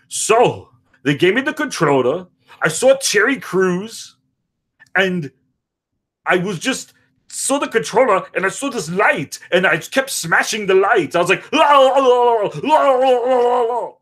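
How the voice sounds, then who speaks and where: A boastful, foul-mouthed action movie star rambles through a comedic parody interview in a high, raised voice, as a man puts him on. He jumps from story to story and breaks into bursts of shouting and sing-song. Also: very animated, unhurried, pauses often, slightly rough, full character voice. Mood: manic excited.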